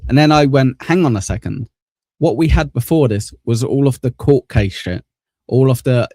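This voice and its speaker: A man's voice: mid-range voice, lively intonation, brisk, dark tone, dry recording, studio quality. A man hosting a casual livestream, rambling about online drama, repeating himself and laughing often. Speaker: host.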